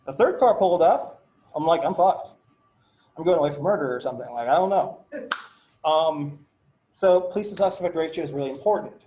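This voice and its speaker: Male law lecturer, loose and chatty, fairly high voice, echoey dull classroom sound. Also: expressive, fairly quick, background noise. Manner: chatty, filler-heavy, swears, checks in with "right?". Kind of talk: casual classroom lecture with anecdotes.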